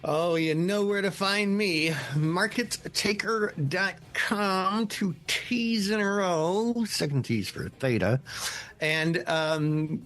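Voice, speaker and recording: A man's voice: fairly high pitch, a bit bright. A man co-hosting a podcast, talking in a plain, dry, matter-of-fact way. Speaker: podcast co-host, options educator. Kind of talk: casual podcast banter.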